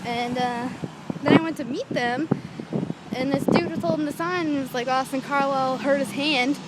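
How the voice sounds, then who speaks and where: A young woman telling a rambling, excitable story in a casual vlog, swearing freely, recorded outdoors near a street. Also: high-pitched, moderate pace. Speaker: vlogger. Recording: traffic noise from outdoors.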